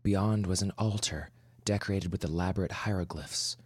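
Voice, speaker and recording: A man narrating a horror story in a measured, dramatic way, sometimes dropping to a whisper. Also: sits low, no echo, studio quality. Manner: measured, dramatic, drops to a whisper for tense moments. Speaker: podcast host and story narrator. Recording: narration over clear music.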